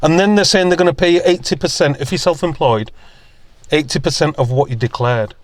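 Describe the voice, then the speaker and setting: A man's voice: on the high side, a little fast, dry recording. A man co-hosting a podcast from a car, bantering casually with plenty of swearing. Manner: swearing, jokey, puts on voices for quotes. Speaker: podcast co-host. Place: in a parked car.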